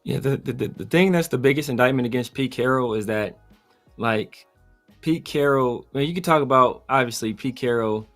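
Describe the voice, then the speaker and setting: A man hosting a casual sports talk show, telling stories in an animated way and mimicking other people. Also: medium pitch, normal speed, soft background music. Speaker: podcast host.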